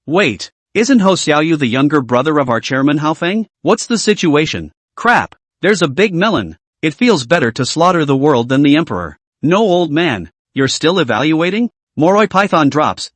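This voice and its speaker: Brief: male narrator, lively read-aloud story recap, fairly high voice. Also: moderate pace, few pauses, no echo. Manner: steady read-aloud delivery.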